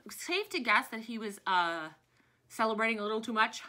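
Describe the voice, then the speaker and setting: A woman's voice: a little high, expressive, moderate pace, sharp tone. A woman in her thirties from New Orleans, teaching a history lesson in a chatty, digressive storytelling way. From New Orleans, USA. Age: 30s.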